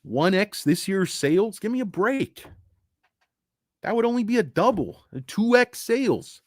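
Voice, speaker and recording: A middle-aged man ranting on a stream, profane and rambling, his pitch jumping up and down as he gets worked up. The sound is dry and close, in a slightly higher register than most men's. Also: big pitch swings, measured pace, no room sound. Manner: rambling, profane, reads chat aloud. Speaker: stock livestream host. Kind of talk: ranting casual livestream.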